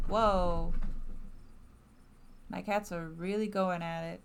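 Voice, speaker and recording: Woman streamer: slow, rambling, enthusiastic let's-play chat recorded at home. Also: on the low side, steady tone, vocal fry, slight background noise. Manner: chatty, rambling, enthusiastic with many fillers. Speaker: streamer playing a narrative game.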